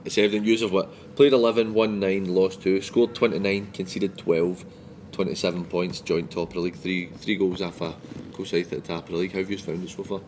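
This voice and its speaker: A Scottish man hosting a casual chat, asking measured questions. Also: sits low, flat delivery, a little mellow, slight background noise.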